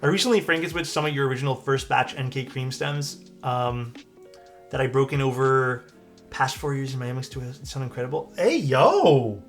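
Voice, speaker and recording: A man's voice: mid-range voice, brisk. Laid-back Canadian man streaming live. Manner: relaxed, chatty, answers chat questions. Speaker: streamer building a keyboard. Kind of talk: casual live-stream chat. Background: faint music.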